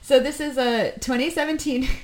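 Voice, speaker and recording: A woman with a somewhat high voice talks loosely in casual podcast chat. She rambles, circles back, and leans on fillers as she goes. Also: steady tone, moderate pace. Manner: rambling, full of fillers and restarts.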